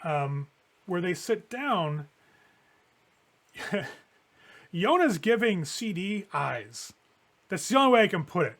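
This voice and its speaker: A man's voice: high-pitched, big pitch swings, slow, long pauses, fairly bright tone. A man narrating as game master of a tabletop role-playing game, in a loose, profane, laughing way.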